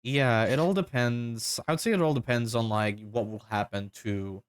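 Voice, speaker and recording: A man's voice: medium pitch, normal speed, smooth, dry recording, clean studio sound. A man chatting casually, rambling with fillers and repeats and cracking crude jokes. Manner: fillers, repeats, swearing, joking. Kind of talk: casual chat.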